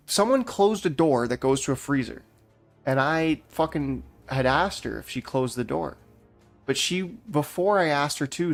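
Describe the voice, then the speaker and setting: A man's voice: medium pitch, gravelly. A young man from Canada rambling through a profane, heated story while gaming, often restarting his sentences. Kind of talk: casual rant while gaming.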